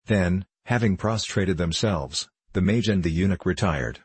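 A man reading an old tale aloud at a measured, even pace. His voice is very deep with a husky edge, and the recording is dry and close. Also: dry recording. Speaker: narrator. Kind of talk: audiobook narration.

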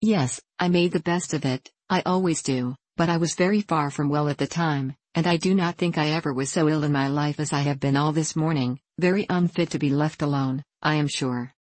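A woman's voice: low voice, a little fast, hardly any pauses, a little mellow, no echo. A woman voicing a peevish, self-pitying young married woman who complains plaintively in a storybook reading. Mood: complaining.

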